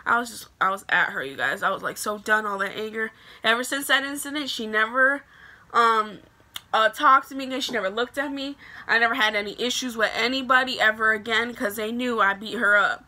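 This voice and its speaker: A young woman with a very bright, sharp voice pitched a little high. She chats to her camera in a loose, animated storytime style and keeps dropping "like" between phrases. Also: fairly quick. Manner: chatty and animated, heavy use of "like" fillers. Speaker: vlogger telling a story.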